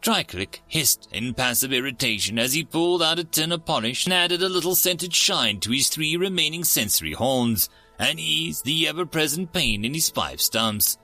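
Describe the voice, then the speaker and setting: A man narrating a story in a steady storybook reading. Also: a little high, normal speed, soft background music.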